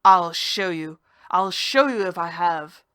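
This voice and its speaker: A woman voicing a frightened young lighthouse keeper who yells his replies in panic. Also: fairly low pitch, lively intonation, takes it slowly, smooth, dry recording. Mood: defiant. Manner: shouting in panic. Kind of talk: storybook reading.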